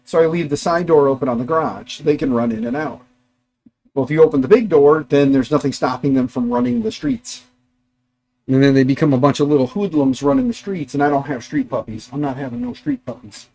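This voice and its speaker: A man's voice: on the high side, animated, a little fast, mellow. A middle-aged man hosting a casual livestream from his garage workshop, rambling chattily and talking to his dogs and viewers. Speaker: livestream host.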